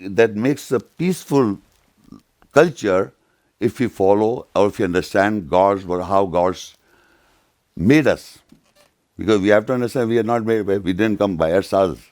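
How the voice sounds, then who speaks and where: Emphatic man with a low voice. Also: dark tone, dry recording, clean studio sound. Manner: repetitive, questioning, emphatic. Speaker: speaker at youth session. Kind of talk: interactive talk with scripture reading.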